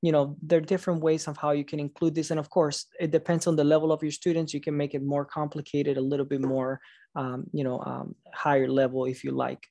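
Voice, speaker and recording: A man with a slightly high, creaky, warm voice speaks at an even pitch and a little quickly, recorded dry. He's a teacher educator presenting at a conference by video call late at night, sounding tired but encouraging, reading out audience answers with praise and sometimes stumbling and restarting words.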